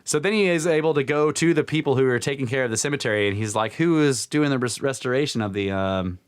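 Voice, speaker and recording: A man's voice: fast talker, clear, resonant tone. A man co-hosting a podcast, casually retelling a book's story with lots of fillers and acted-out quotes. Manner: animated retelling, acts out quotes with pitch jumps, laughs often. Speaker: podcast co-host retelling a book.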